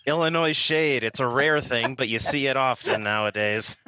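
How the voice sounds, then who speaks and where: Bright-voiced man asking questions. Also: medium pitch, moderate pace, smooth. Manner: curious, asks many questions. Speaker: player. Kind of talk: tabletop game play.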